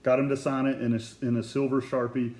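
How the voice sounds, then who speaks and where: Animated storytelling man, dark voice. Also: mid-range voice, fairly quick, reverberant. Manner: animated storyteller who acts out quotes. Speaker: guest collector telling an autograph story. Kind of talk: casual chat.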